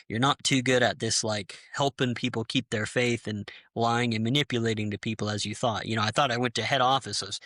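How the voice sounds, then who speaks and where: Animated man with a bright, dry voice. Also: medium pitch, no echo. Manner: animated, heated storytelling with acted-out quotes. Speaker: former church member telling his story. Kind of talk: personal testimony in a conversation.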